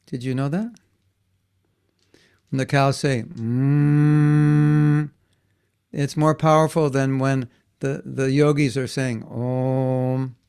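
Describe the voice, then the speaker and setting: A man teaching a class for children, telling stories in an animated way and acting out the voices he quotes. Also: mid-range voice, measured pace, long pauses, clean tone.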